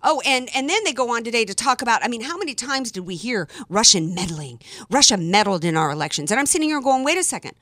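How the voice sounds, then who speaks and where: A woman talk radio host rants with emphatic indignation, throwing in sarcastic jabs and tripping over her words as she builds steam. Her voice has a sharp, forceful edge. The sound is close and dry. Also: fairly high pitch, sing-song, quick pace, few pauses, no echo. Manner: stumbling restarts when fired up. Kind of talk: opinionated talk radio monologue.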